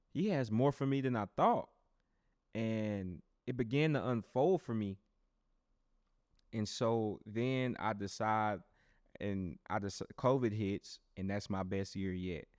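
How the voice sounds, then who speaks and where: A young man with a low voice tells his own story as a podcast host. His delivery is animated and loose, full of restarts, and he keeps turning to his listeners. The recording sounds close and dry, with no room around it. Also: no echo. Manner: animated storyteller who talks straight to listeners; loose and conversational, with frequent restarts. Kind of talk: personal testimony monologue.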